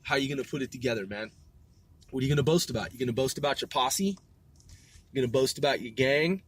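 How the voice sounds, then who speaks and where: A man's voice: medium pitch, fast talker, slight background noise. A man hosting a solo podcast, rambling loosely with lots of swearing, fillers and repeated words. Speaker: podcast host.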